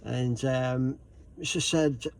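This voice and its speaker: A man's voice: medium pitch, steady tone, extremely slow, vocal fry, dry recording, poor audio. A middle-aged man, casually telling a rambling story to camera with many ums and restarts. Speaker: vlogger.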